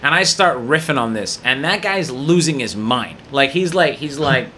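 A man, a guest comedian on a studio podcast, telling a profane story in an animated way, laughing often and acting out the people in it. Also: mid-range voice, normal speed, slight background noise.

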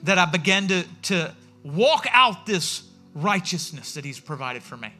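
Male pastor, high bright voice, chatty sermon delivery. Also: big pitch swings, a little slow, soft background music. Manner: conversational storytelling, acts out quoted voices. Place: church sanctuary.

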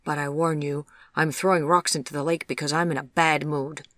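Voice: medium pitch, little pitch movement, a little fast, fairly bright tone, dry recording, studio quality, close to an everyday voice. A narrator voicing a proud, guarded young woman who speaks politely but with a prickly, wry edge.

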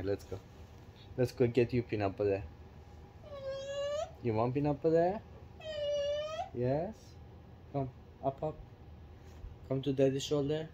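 A man coaxing his pet cockatoo in sing-song baby talk, asking the same gentle questions over and over. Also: fairly low pitch, noisy background. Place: home with a pet bird.

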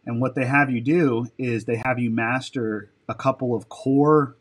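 A man's voice: medium pitch, steady tone, moderate pace. A man telling stories as a podcast guest, rambling, swearing casually and correcting himself mid-sentence. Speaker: podcast guest, military dog handler. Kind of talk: casual interview storytelling.

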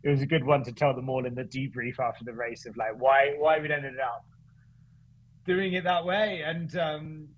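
A man with a husky, slightly breathy voice, telling a story as a podcast guest. He talks in animated bursts, restarting and correcting himself as he goes. His pitch sits in a middle range for a man. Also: moderate pace, dull audio. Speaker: guest, running events founder. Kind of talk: casual storytelling chat.

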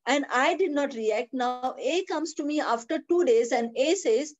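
A woman's voice: high voice, a little slow. A woman teaching the Bible on a video call. She is emphatic, repeats her phrases and asks rhetorical questions. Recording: dull lo-fi video call audio.

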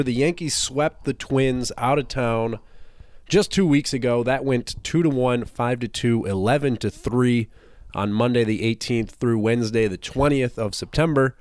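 A man's voice: mid-range voice, clean tone, no room sound, clean studio sound. A man hosting his own sports podcast, breaking down a playoff game with stats and some "uh" fillers, his voice a bit nasal after a recent illness. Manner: brisk, stat-heavy analysis with frequent "uh" fillers. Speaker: podcast host. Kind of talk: solo sports preview podcast.

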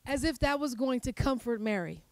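A woman pastor preaches in a loose, conversational style, with playful asides and frequent laughter. Her voice sits a little high. The sound is dry and close, with almost no room echo. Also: lively intonation, a little fast. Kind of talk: sermon.

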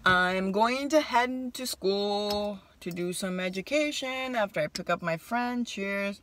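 A young woman vlogger telling a casual story to the camera, chatty and animated, acting out what people said. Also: medium pitch, slow pace, slight background noise. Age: young adult. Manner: animated, chatty, voices her own quotes. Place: car.

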